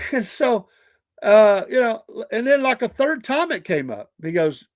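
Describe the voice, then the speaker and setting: A man's voice: high-pitched, measured pace. A man in his fifties with a Southern American accent, hosting a show and telling a story in casual chat, quoting others as he goes. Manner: animated storyteller, voices others in quotes. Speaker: podcast host.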